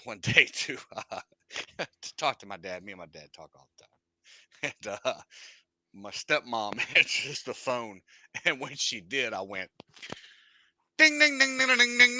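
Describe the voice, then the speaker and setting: A man's voice: on the low side, sharp tone, dry recording. A man from the United States hosting a casual podcast, rambling and joking with a lot of profanity. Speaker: podcast host.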